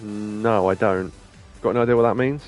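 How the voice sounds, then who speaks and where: A man with a lowish voice hosts a casual let's-play session, joking with a friend and reading the game's lines aloud. He laughs easily and keeps up a loose, playful chatter. Faint game music plays underneath. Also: fairly even intonation, normal speed, darkish tone. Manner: chatty, jokey, reads game text aloud, laughs often. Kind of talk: casual gameplay commentary.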